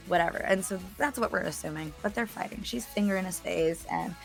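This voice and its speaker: A young woman telling a story as an interview guest, animated and chatty, laughing and swearing as she goes. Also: mid-range voice, a little fast, vocal fry, few pauses, faint music behind. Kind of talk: casual storytelling.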